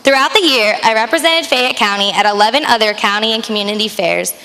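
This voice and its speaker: A young woman reads her farewell speech as the retiring county fair queen, earnest and holding back tears. Her voice is crisp and bright and sits a little high. It carries over a long, echoing public address system. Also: fast talker. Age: young adult. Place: outdoor fair stage with PA system.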